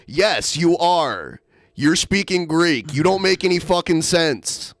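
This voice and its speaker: A man's voice: sits high, animated, unhurried, fairly bright tone, no echo, studio quality. A man co-hosting a podcast in casual banter, defensive and exasperated, swearing often. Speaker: co-host.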